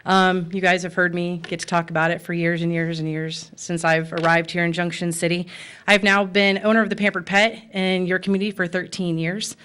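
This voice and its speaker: A woman's voice: fairly low pitch, flat delivery, fairly quick, a bit bright, clean tone. Impassioned American woman at public comment. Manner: impassioned, emotional, with fillers. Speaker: public commenter, pet store owner. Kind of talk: public comment at a city meeting. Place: city commission chamber.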